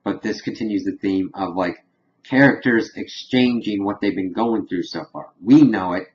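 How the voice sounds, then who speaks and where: A man's voice: lowish voice, moderate pace, muffled recording. A man giving a casual, rambling review of a TV episode, retelling the scenes line by line. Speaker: TV show reviewer.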